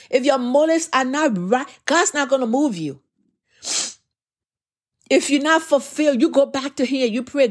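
A woman with a slightly high voice preaches a sermon as a personal testimony. She speaks earnestly, sometimes stumbling over and repeating her words as she goes. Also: a little mellow.

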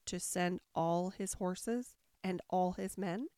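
A woman voicing a polite, gentle and curious young girl in a storybook reading, speaking with mild doubt. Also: fairly low pitch, slow pace, dry recording, studio quality.

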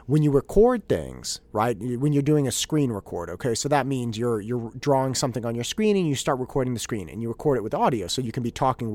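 A man telling a rambling story from home life in a mid-pitched voice, exasperated and self-mocking. He restarts often and jumps between loud bursts and soft asides, recorded close on a dry mic with no room sound. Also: dry recording. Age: adult father of young children. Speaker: podcast host. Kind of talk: casual storytelling monologue.

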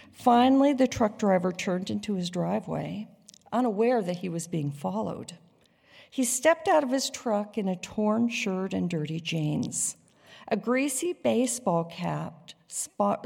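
A woman narrating a dramatic story in an expressive, deliberate way. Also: mid-range voice, gravelly. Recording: long hall reverb.

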